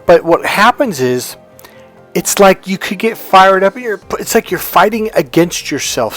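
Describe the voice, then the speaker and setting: A man, a life coach, teaching casually, often acting out what clients say. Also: on the high side. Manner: conversational, acts out quotes of clients.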